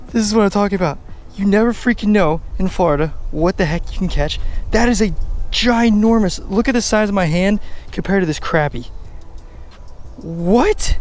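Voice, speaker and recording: A young man from Delaware filming his own fishing trip, exclaiming and chatting excitedly beside a pond. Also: high-pitched. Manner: excitable, exclaiming, mild slang. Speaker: fishing vlogger. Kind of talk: excited casual vlog commentary. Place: outdoors by a pond.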